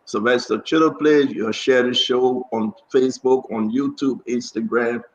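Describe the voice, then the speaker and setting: A man's voice: mid-range voice, fairly even intonation, moderate pace, roomy sound, muffled recording. A man hosting a casual online talk show, chatty and upbeat, drifting into preachy asides.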